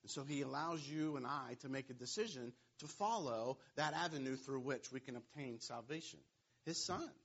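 In a dull, lo-fi recording, a pastor with a medium-pitched, fairly bright and husky voice preaches at a moderate pace. His sermon retells a scripture story playfully, full of jokes and asides to the congregation.

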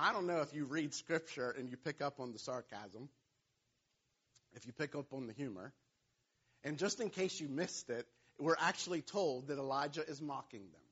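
A man preaches a sermon, retelling the story with playful asides and jokes. His voice sits a little high and sounds husky, and the recording is dull and lo-fi. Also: fairly bright tone. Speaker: pastor.

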